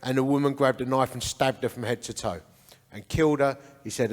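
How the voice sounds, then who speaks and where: Speaking at a men's breakfast in a church hall, the founder of a men's ministry, an Essex-born man in his forties with the local Essex English accent, gives a testimony talk about his life. The large hall surrounds his medium-pitched voice, which moves fairly quickly with fairly even intonation. His manner is earnest and conversational, like someone telling a story.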